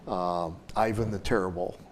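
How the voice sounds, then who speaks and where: Older male host, low voice, halting fillers, faint background noise. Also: fairly even intonation. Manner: frequent fillers, short agreeing interjections. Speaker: talk show host. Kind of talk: interview talk show.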